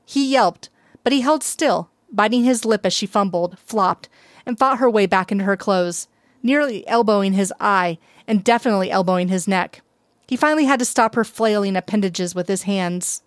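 A woman reading a story aloud as narrator, steady and unhurried. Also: medium pitch, dry recording, clean studio sound. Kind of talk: reading fan fiction aloud.

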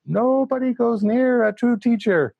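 A man's voice: very high voice, unhurried, gravelly, mellow, dry recording, dull audio, voice pushed up, heavily acted. A man voicing an older Indian spiritual teacher with an Indian English accent, who speaks emphatically and repeats his points. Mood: insistent.

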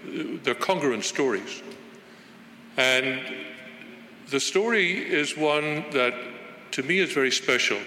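An older man, originally from Northern Ireland, speaks with a neutral accent that has lost its Irish edge. He talks to an audience in a conversational, reflective way, with frequent fillers and restarts. His bright voice carries through a large, echoey hall with long reverb. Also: fairly high pitch, animated, takes it slowly, long pauses, a little hiss or hum. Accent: neutral international, little Irish left. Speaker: guest speaker launching a book. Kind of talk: informal speech to an audience.

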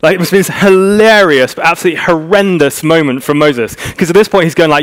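A man's voice: fairly high pitch, fast, hardly any pauses. A man preaching a sermon, telling the story vividly and acting out the characters' lines.

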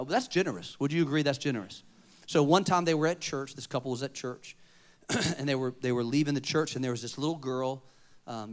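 A man preaching a sermon, moving between loud emphatic points and quiet storytelling. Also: medium pitch. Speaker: pastor.

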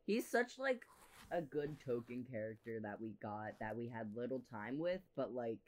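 A woman with a strikingly deep voice co-hosts a casual podcast. She chimes in with quick reactions and rambles through asides about the show. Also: very animated, darkish tone. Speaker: podcast co-host. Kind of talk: casual TV recap chat.

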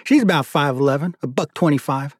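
A narrator voicing an excitable, boastful young man, one of two brothers, in an audiobook. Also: on the high side, a little fast, breathy edge, dry recording, clean studio sound. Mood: eager.

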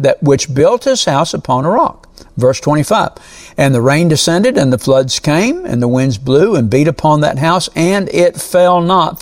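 A man preaching a sermon, quoting scripture and stressing key phrases with repeated amens. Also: fairly high pitch.

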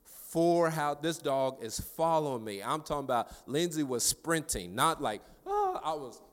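Male devotional preacher, slightly high voice, conversational storytelling, reverberant space. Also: unhurried. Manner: conversational, animated storytelling building to preaching fervor. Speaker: devotional speaker.

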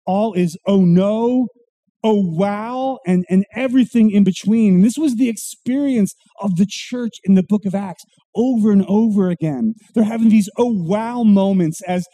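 A man preaching a sermon, acting out quotes with dramatic pauses and a wide swing from loud to hushed. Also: high-pitched, no echo. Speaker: pastor.

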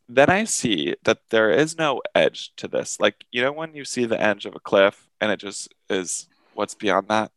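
A man co-hosting a podcast, telling a story in a casual, profane, animated way and acting out what others said. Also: fairly low pitch, no echo, rough recording. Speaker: podcast co-host.

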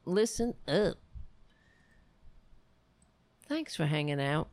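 Ending her stream, a woman rambles and vents with affection to the people watching. Her voice sits low and is expressive, moving at a slow pace. It's a dry recording.

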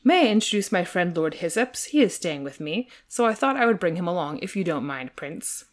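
A woman's voice: fairly low pitch, sing-song, brisk. A woman reading the lines of a courteous, unflappable male earl in a storybook.

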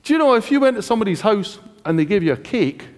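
A British-accented man delivers a sermon in a church hall, joking and chatting and frequently asking the congregation questions, with the room's reverb audible. He speaks fast in a high voice with big pitch swings.

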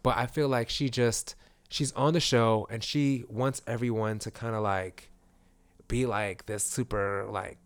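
A man's voice: medium pitch, fairly even intonation, measured pace, clear, resonant tone, dry recording. A man co-hosting a casual podcast chat, talking in a meandering way full of fillers. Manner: chatty, meandering, lots of fillers. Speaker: podcast co-host.

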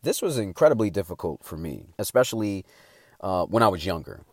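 A man's voice: low voice, very animated, brisk, breathy edge, dry recording, studio quality. A middle-aged man giving a motivational talk in a casual, slangy, emphatic way, swearing freely. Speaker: motivational speaker.

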